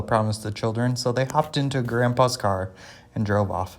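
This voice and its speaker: Male storyteller, lowish voice, plain steady read-aloud of a kids' story. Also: moderate pace. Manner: plain, steady reading with small slips and restarts. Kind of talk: reading a children's story aloud.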